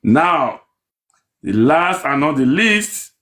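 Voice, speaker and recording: A man hosting a call-in discussion, relaxed and reassuring as he moves between callers. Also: on the high side, slow pace. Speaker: show host.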